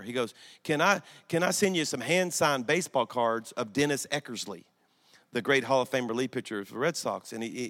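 Animated preacher man, bright voice. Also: medium pitch. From Louisiana. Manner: animated, swings from hushed to shouting, laughs at own story. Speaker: guest preacher. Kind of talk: storytelling sermon. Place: church.

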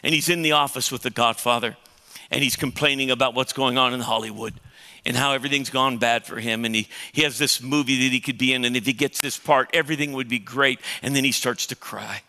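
A man's voice: mid-range voice, fairly even intonation, fairly quick, creaky, bright, forceful tone, long reverb tail. A man pastor preaching a sermon, emphatic and conversational, putting questions to the congregation.

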